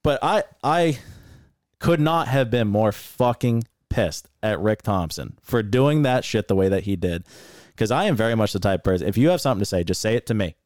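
Male podcast co-host, heated profane storyteller, lively pitch, dry sound. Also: normal speed, no echo. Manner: angry, profane, animated storytelling. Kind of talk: casual storytelling rant.

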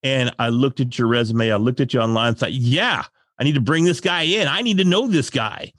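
A man's voice: medium pitch, a little fast, dry recording. Guy telling a story on a podcast, gets worked up and laughs a lot, dry sound. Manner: animated, emotional storytelling with laughs. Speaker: podcast guest. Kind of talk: casual storytelling chat.

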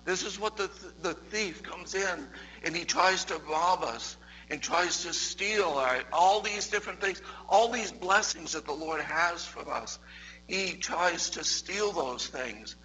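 Guy preaching a sermon, high bright voice, loose and chatty, lots of restarts. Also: unhurried, a little hiss or hum, rough recording. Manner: conversational, repeats words, builds in loudness and pitch toward the end. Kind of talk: sermon with storytelling.

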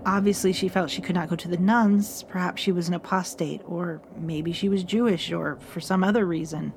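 Low-voiced woman reading a gothic tale. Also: fairly even intonation, a little hiss or hum. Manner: measured, solemn, intimate letter-like delivery. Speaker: narrator. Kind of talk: first-person gothic story reading.

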